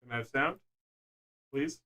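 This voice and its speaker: Bright-voiced joking male streamer. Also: mid-range voice, unhurried. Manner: jokey, laughs often between remarks. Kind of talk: casual live-stream chat.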